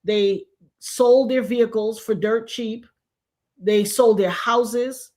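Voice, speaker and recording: A woman hosting a casual chat, telling stories in an animated way and acting out the people she quotes. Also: fairly high pitch, slow. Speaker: show host.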